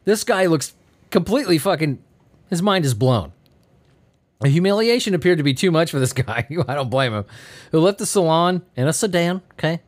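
A man's voice: on the high side, lively intonation, normal speed. A man hosting a podcast, reading odd news stories in a giddy, sleepy, laughing way and swearing freely. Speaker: podcast host. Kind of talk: casual comedic news commentary.

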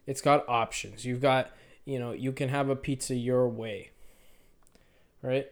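A man's voice: mid-range voice, steady tone. A young man in his twenties hosting an unedited solo podcast, rambling casually with many halts and restarts. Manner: rambling, halting, self-correcting. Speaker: podcast host.

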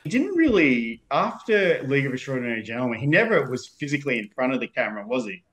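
A man's voice: medium pitch, sing-song, fast, fairly bright tone. An Australian man talking casually as a podcast guest, rambling and filling his sentences with "like". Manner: rambling, leans on "like" a lot. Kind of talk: casual film discussion.

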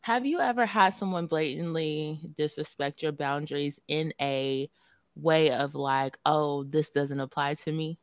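Woman co-host, Southern US accent, lowish voice, animated storyteller, dry close mic. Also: a little slow, clean tone, no room sound. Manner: animated storytelling, swearing freely. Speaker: podcast co-host. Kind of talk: casual chat.

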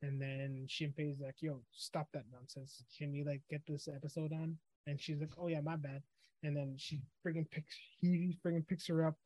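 A man's voice: on the high side, level tone, moderate pace, a little mellow, no echo. A man co-hosting a podcast, casually recapping an anime episode and acting out the characters' lines as he goes. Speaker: podcast co-host.

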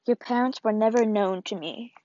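A woman's voice: a little high, mellow, slight background noise, close to an everyday voice. A woman reading as a solemn old grandmother. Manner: solemn, measured letter reading. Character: old, ailing grandmother writing a grave farewell letter. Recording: dull, lo-fi dry read.

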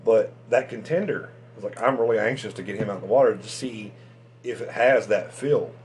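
A man hosting a fishing channel, chatting casually and excitably about tackle, with lots of restarts and fillers. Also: lowish voice, a little fast, slight background noise.

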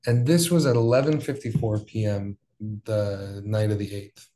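Guesting to tell his wildfire survival story, a young man from Hawaii talks loosely, swearing and filling gaps as he rambles. His voice sits low, steady and mellow at a normal speed, with the echo of the room audible.

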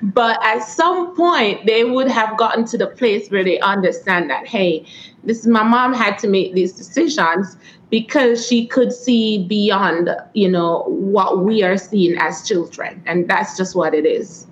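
A woman with a Jamaican accent answering interview questions as a guest author and coach, earnest and quick to laugh. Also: mid-range voice, a little hiss or hum. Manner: earnest, testimonial, laughs often. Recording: echoey, dull lo-fi room sound.

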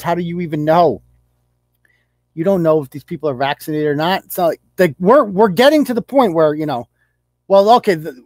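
A man's voice: sits high, darkish tone, dry recording, clean studio sound. Profane, heated male podcast ranter. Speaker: podcast host. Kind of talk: ranting political commentary.

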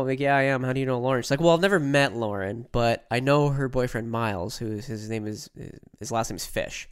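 A man's voice: medium pitch, steady tone, a little fast, hardly any pauses, clean tone. A young man co-hosting a podcast, telling a long story in a loose, rambling way. He fills his sentences with "like" and "right?" and acts out what other people said. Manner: acts out quoted voices while telling stories. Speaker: podcast co-host. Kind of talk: casual storytelling chat.

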